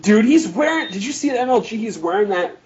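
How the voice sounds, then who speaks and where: A man's voice: sits high, lively intonation, fast, dull audio, a little hiss or hum. A man co-hosting a podcast, teasing his friend in casual, jokey banter. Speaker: podcast co-host. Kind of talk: casual chat.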